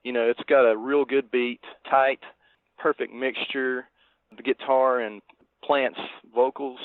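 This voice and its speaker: A man's voice: medium pitch, level tone, unhurried, dry recording. A man cohosting a podcast in casual chat, speaking in a meandering, hesitant way. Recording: dry, tinny phone-like line.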